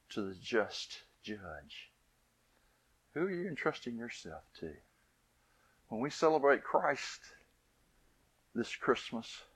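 A man preaching a sermon, telling a family story with lively rises and soft, hushed endings. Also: on the low side, breathy edge, no echo.

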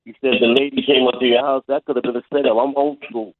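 A man's voice: mid-range voice, little pitch movement, fast talker. A man calling in to a radio show, talking in a rambling, plainspoken, hesitant way over a phone line. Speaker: caller. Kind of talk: call-in radio chat.

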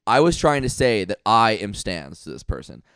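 A man's voice: normal speed, creaky, clean tone, no echo, clean studio sound. A man co-hosting a podcast, telling stories in casual chat and mimicking others. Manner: animated storyteller, mimics others in high voices. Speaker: podcast co-host.

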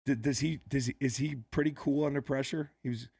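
A man's voice: medium pitch, steady tone, a little fast, gravelly, a little mellow, husky, no echo. A man hosting a podcast in a studio, talking casually and asking long, chatty, leading questions. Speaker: podcast host.

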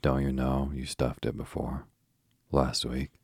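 A man voicing a blunt, scornful young boy who talks briskly and grumbles. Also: very deep voice, completely flat delivery, vocal fry, a little mellow, slightly rough, no echo, studio quality, full character voice.

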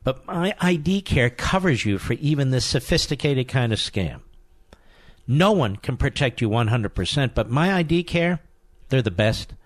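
Hosting a talk radio show, a man takes callers and reads ads in an emphatic manner, hammering key phrases through his monologue and host-read spots. His mid-range voice is expressive at a normal speed, in a dry recording.

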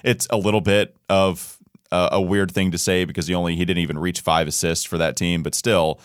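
A man co-hosting a sports podcast in a studio, chatting casually with an animated, jokey, self-deprecating manner. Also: sits low, a little fast, no room sound. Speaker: podcast co-host.

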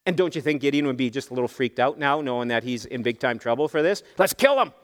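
A man preaching a sermon as pastor, telling the story in a lively way and acting out the voices of the people in it. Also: mid-range voice, quick pace, big-room sound.

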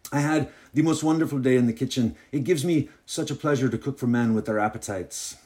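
A flirtatious, overbearing Frenchwoman, put on by a man reading aloud in a thick mock-French accent. She gushes over her own cooking with drawn-out, overdone foreign vowels. The pitch stays in an ordinary middle range. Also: a little mellow, natural voice. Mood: gushing. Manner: gushing, exaggerated foreign vowels.

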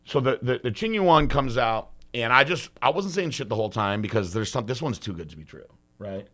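A man's voice: mid-range voice, fairly quick. Profane man telling a story. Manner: loose, profane, animated storytelling. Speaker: podcast co-host. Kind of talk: casual storytelling chat.

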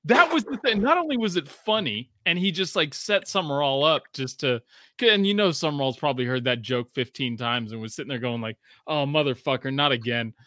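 Bright, animated man telling stories. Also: a little fast, no echo. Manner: animated storyteller, swears freely, rising pitch when excited. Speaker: podcast co-host. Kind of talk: casual sports chat.

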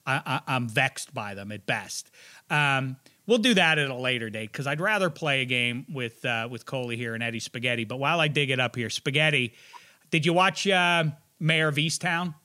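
A man's voice: medium pitch, normal speed, pushed and bright. A man hosting a casual podcast chat, rambling and joking, with a habit of slipping into mock accents. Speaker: podcast host.

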